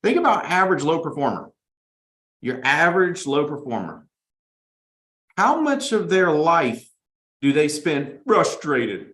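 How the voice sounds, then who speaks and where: Energetic man giving a pep talk, echoey studio. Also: a little high, unhurried, pauses often. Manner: energetic, breaks into whiny impressions of complainers. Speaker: host and sales team leader. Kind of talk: motivational team talk.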